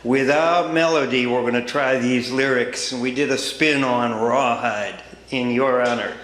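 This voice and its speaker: Man, guest speaker, folksy joking delivery, unhurried speech, echoey room. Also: mid-range voice, fairly even intonation, a bit bright, a little hiss or hum. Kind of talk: talk with a sung parody.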